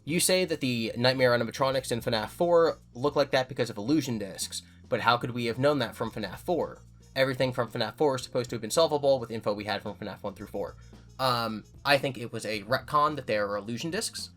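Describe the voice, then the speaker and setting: A man's voice: mid-range voice, brisk, fairly bright tone. Guy chatting thru viewer questions, restarts a lot, some music faint in the back. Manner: thinking aloud, with frequent restarts and repeated words. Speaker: YouTube host answering viewer questions. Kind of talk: casual chat.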